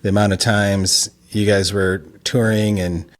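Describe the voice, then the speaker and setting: A man's voice: fairly low pitch, flat delivery, unhurried. A man hosting a podcast interview, asking questions in a hesitant way with many restarts. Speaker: podcast host. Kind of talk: conversational interview.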